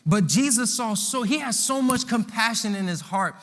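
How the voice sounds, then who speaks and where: A high, bright male voice rolls through a reverberant hall. He preaches in a loose, slangy storytelling style, jumping into voices for the characters with a lot of energy. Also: moderate pace. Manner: animated, slangy, acts out voices of the disciples. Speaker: youth preacher. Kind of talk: lively storytelling sermon.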